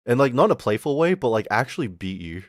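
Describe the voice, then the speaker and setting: A man's voice: medium pitch, big pitch swings, fast talker, no echo, studio quality. Rambling profane young man. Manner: rambling, profane, laughing often. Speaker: streamer. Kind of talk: casual livestream chat.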